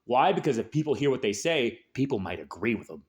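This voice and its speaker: A man's voice: medium pitch, sing-song, brisk. A man hosting a show, delivering an angry, aggressive political rant full of swearing. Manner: angry, aggressive, heavy swearing, shouted peaks. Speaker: host.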